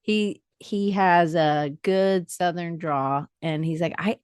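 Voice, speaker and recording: Woman from atlanta, podcast guest, lowish dry voice, acts out every story she tells. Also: slow pace, clear, resonant tone, no echo. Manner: lively storyteller who acts out quoted dialogue. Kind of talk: casual conversation.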